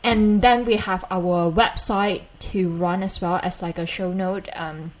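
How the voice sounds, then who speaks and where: A Malaysian woman with a Malaysian accent co-hosts a casual podcast chat, rambling along with plenty of fillers and frequent giggles. Her voice is fairly low, steady in tone and unhurried. The audio quality is poor.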